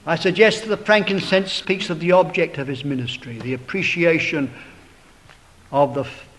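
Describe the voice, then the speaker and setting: A man preaching a sermon in a slow, dramatic way, swelling to loud emphatic peaks and sinking to hushed tones. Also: on the high side, slight background noise, rough recording. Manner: addresses listeners as brethren, beloved brother.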